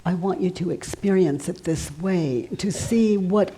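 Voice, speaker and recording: An older woman guiding a participant in a live workshop, soft and coaxing, sometimes dropping to a whisper. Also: on the low side, a little slow, a little hiss or hum, rough recording. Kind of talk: gentle guided coaching on stage.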